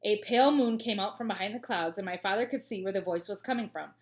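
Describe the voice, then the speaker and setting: Teacher lady reading a kids' chapter book, expressive, middle pitch. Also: fast, slight background noise. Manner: clear, expressive storytelling with playful asides. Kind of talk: children's storybook read-aloud.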